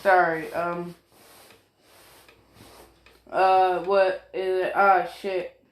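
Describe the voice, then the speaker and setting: Slow, rambling, swearing young man. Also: high-pitched, flat delivery, reverberant. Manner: rambling, profane, full of fillers and apologies. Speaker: fan story narrator. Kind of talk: rambling casual fan-story narration.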